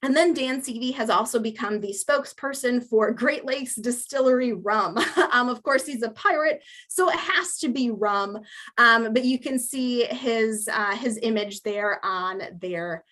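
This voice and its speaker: A woman with a fairly high voice gives a relaxed public history talk. She tells her stories in a chatty, amused way, full of ums and asides. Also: measured pace. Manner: chatty, amused, with many fillers. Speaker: museum lecture speaker.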